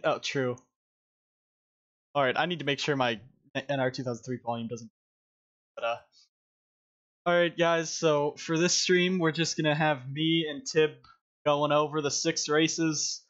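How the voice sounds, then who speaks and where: A man's voice: fairly high pitch, a bit bright, dull audio. Giggly man hosting a live stream. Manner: laughs often, rambling. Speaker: stream host. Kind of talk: casual live-stream chat. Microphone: headset.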